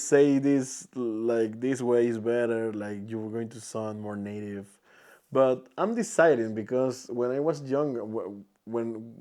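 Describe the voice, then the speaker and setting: A young man from Peru, with a mellow, medium-pitched voice, hosts a laid-back solo podcast in English, his second language. His Peruvian Spanish accent is clear, and he gropes for words, frequently starting over.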